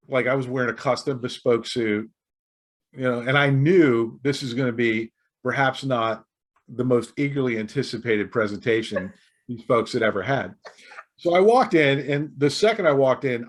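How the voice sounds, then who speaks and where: A middle-aged man from the United States, a podcast guest telling a story in an animated way, chuckling through his asides. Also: mid-range voice, normal speed.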